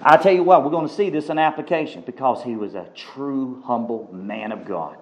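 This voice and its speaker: A man's voice: medium pitch, brisk, darkish tone, highs cut off. A man preaching a sermon, emphatic and given to repeating words for stress.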